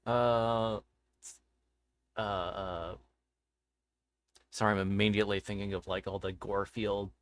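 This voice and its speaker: A man hosting an interview show in casual chat, relaxed and playful. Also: on the low side, takes it slowly, long pauses. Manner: relaxed, playful, puts on voices for jokes.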